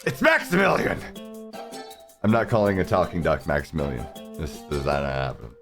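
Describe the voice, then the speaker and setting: A man's voice: very deep voice, expressive, fairly quick. A man casually commenting on a video game as host of a let's play, chatting loosely and reading game text aloud over game music.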